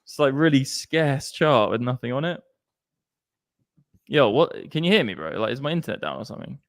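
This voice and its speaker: Brief: male streamer, casual slangy chat, smooth clear voice. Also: medium pitch, lively intonation, normal speed. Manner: chatty, slangy, swearing. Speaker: crypto stream host.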